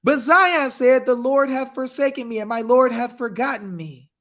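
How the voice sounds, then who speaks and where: High-pitched guy preaching hard, aave, reads scripture then yells about it. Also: moderate pace. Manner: fiery, shouting, reads scripture aloud. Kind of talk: impassioned preaching.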